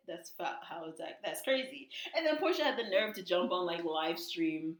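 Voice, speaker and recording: A woman co-hosting a casual podcast, telling gossip and acting out quotes in high voices. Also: lively intonation, moderate pace. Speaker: podcast co-host. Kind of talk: casual chat. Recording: echoey room.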